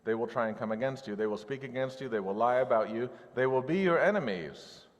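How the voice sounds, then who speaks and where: A man's voice: mid-range voice, expressive, a little fast, in a large hall, natural voice. A man voicing God as a stern figure who gives firm commands. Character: firm, demanding male God speaking to a prophet.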